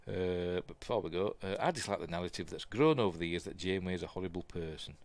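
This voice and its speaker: A man's voice: low voice, fast, few pauses, no echo. A man with a Yorkshire accent hosting a live news stream, reading headlines aloud and then chatting about them casually with plenty of fillers. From Yorkshire, England.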